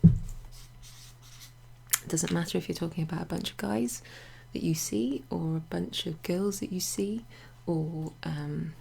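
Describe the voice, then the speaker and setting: A woman explains French pronouns in a loose, chatty way, pausing with fillers and wandering into asides. Her voice is low, dark and mellow, with a gravelly, husky edge. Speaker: French teacher. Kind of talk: casual explanatory lesson. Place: home near a greenhouse.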